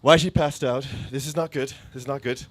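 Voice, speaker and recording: A man's voice: medium pitch, steady tone, a little fast. Rambling self-mocking stand-up comic man. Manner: rambling, self-mocking storytelling with jumpy voiced impressions. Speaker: stand-up comedian. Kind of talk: stand-up comedy set. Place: stage before a live audience.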